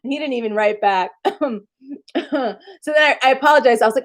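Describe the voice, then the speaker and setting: A woman's voice: sits high, a little fast. Laughing, swearing woman streamer. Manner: profane, laughs often; rambling animated storytelling. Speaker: live streamer. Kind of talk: casual live stream chat.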